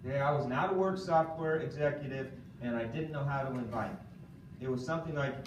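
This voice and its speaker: A man giving an animated motivational training talk to a live audience, often quizzing them and asking "okay?". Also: medium pitch, fairly quick, slight background noise. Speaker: seminar speaker. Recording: echoey room from far off.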